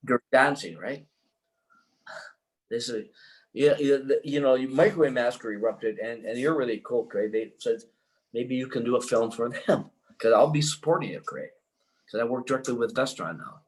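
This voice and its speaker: An older man, a filmmaker guest in an interview, telling a long anecdote in an excitable, rambling way full of restarts. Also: mid-range voice, moderate pace, rough recording.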